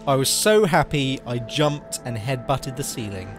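A man's voice: mid-range voice, animated, a little slow. A young man talking casually and swearing while playing a game, joking and rambling. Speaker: let's play host. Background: game music.

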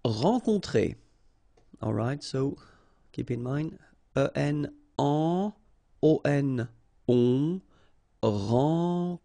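A male French teacher with a French accent walks through words at a slow, patient pace. His voice is dark and gravelly, recorded dry and close. He repeats each sound with short explanations. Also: medium pitch, expressive, no room sound. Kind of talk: slow vocabulary lesson, spelling out sounds.

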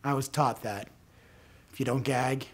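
Deadpan, self-mocking male comedian. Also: mid-range voice, a little slow, heavy background noise. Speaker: comedic actor. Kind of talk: stand-up comedy reel.

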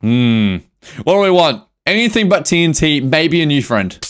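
A man's voice: a little high, big pitch swings, normal speed, fairly bright tone, a little hiss or hum. A young man live streaming a video game, talking to his chat with melodramatic mock grief, swearing and laughing. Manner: reads chat aloud and answers it.

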